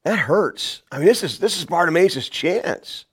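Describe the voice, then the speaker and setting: A pastor preaching a sermon, shouting some lines and dropping to a hushed voice on others. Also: male voice, expressive, unhurried, husky. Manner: dynamic preaching, swings from loud shouts to hushed low lines.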